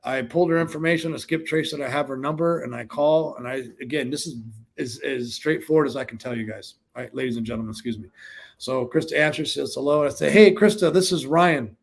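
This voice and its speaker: A man's voice: mid-range voice, fairly even intonation, fast talker, vocal fry. A man co-hosting a livestream, coaching viewers casually on sales calls and answering their questions in a conversational way. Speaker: co-host of a real estate sales livestream.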